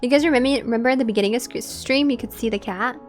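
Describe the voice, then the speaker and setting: A woman's voice: fairly high pitch, racing, soft background music. A woman streaming a game and chatting casually with her viewers, musing aloud. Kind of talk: casual gameplay commentary.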